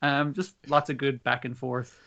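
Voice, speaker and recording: A man's voice: medium pitch, flat delivery, moderate pace, creaky, sharp tone, highs cut off. A man co-hosting a casual podcast, swearing often and laughing as he retells scenes. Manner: laughing, swearing, acting out characters in quotes. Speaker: podcast co-host. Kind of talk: casual chat.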